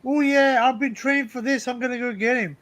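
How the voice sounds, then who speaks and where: A man's voice: extremely high pitch, fairly even intonation, fairly quick, a bit bright, pitched above the performer's own voice. A man putting on a boastful hillbilly drawl. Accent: put-on American Southern, weak. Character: dim-witted male hillbilly diner, boastful.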